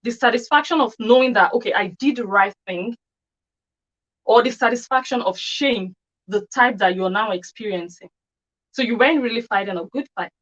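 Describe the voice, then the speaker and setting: A woman's voice: fairly high pitch, normal speed, fairly bright tone, muffled recording. A woman giving an opinionated commentary monologue on her channel, scornful and full of rhetorical questions. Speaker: commentary vlogger.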